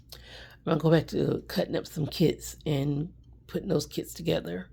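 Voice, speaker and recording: A woman's voice: deep voice, fairly even intonation, normal speed, vocal fry, warm tone, a little hiss or hum. A middle-aged woman who runs small businesses, talking earnestly on a live stream, near tears and repeating words of encouragement. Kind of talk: emotional live stream talk.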